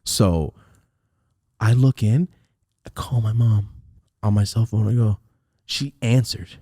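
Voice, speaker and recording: A young man hosting a podcast, telling a story in a casual, profane, animated way and acting out the scenes, on a close mic. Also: fairly low pitch, takes it slowly, slightly rough, dry recording. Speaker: podcast host.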